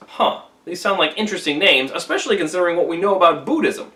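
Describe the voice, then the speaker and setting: Animated man retelling a classic tale. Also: high-pitched, fast talker, hardly any pauses, recorded from a distance. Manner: animated, wry, conversational. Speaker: literature teacher. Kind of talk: casual storytelling lesson.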